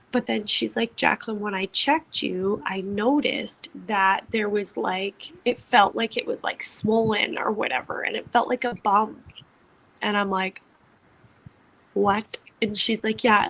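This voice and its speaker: A young woman co-hosting a podcast shares a personal story in a chatty, casual way, dropping lots of "like" and acting out quotes. Her voice is medium-pitched and a bit bright, and the recording is low quality.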